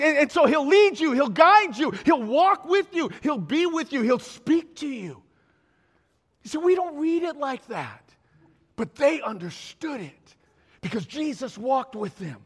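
A man preaching a sermon in a church, animated and exhorting, with call-and-response asides to the congregation. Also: very high-pitched, unhurried, slightly rough. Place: church sanctuary. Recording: long reverb of a large hall.

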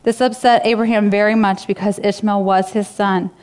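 A woman pastor preaches to her church in a casual, conversational style, retelling a story and using fillers. Her medium-pitched voice is level and a little mellow, at a moderate pace.

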